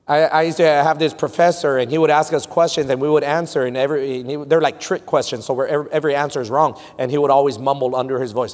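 A man in his thirties with a Texan accent, preaching a sermon as pastor, swinging from quiet storytelling to loud peaks and slipping Spanish phrases into English. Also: mid-range voice, steady tone, fast talker. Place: large church sanctuary. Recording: long hall reverb.

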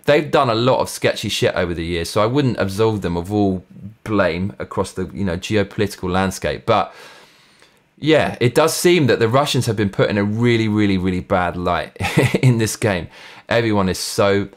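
A man's voice: fairly low pitch, lively intonation, normal speed. A man hosting his own show, giving a blunt, profane, sarcastic rant. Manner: mock Russian accent when reading reviews aloud. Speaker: host. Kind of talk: ranting commentary.

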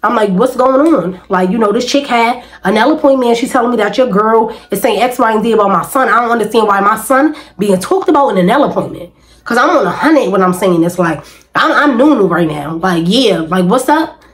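Woman w/ ranting to her phone, kinda high voice, keeps repeating herself. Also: lively intonation, a little fast, low-quality recording. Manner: emphatic, repetitive, frustrated venting. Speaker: vlogger. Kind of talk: casual talk to camera.

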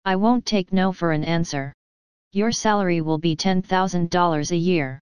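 A woman reading the lines of a boastful, pushy male con man who runs a company, in her own low, very smooth voice. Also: normal speed, darkish tone, no room sound, close to an everyday voice. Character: brash fast-talking male con-man company president. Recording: dry, slightly dull lo-fi.

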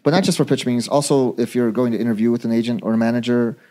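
A man who teaches screenwriting, explaining quickly in a casual podcast chat. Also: medium pitch, steady tone, mellow.

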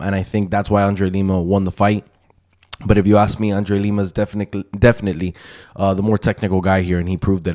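A man's voice: sits low, darkish tone. A man giving a casual, opinionated breakdown of fight results, chatty with frequent ums and asides. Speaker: MMA YouTuber.

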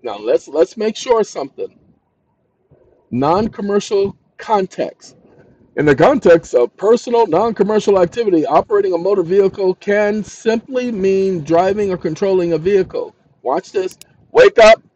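A man hosting his own channel, reading legal definitions aloud and breaking off to shout insults at an AI assistant in a ranting commentary. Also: sits high, lively intonation, normal speed, highs cut off. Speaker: channel host.

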